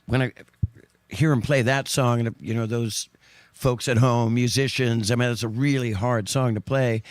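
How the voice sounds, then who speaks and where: A man's voice: medium pitch, steady tone, normal speed, no room sound. A man telling stories in casual chat, rambling and correcting himself, often breaking into laughs. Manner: rambling, self-correcting storyteller with frequent laughs. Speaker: guest singer.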